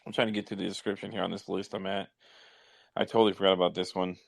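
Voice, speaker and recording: Casting note: rambling, profane male podcast host with a low voice and a dry, close sound. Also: flat delivery, fast, creaky, no echo. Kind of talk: casual chat.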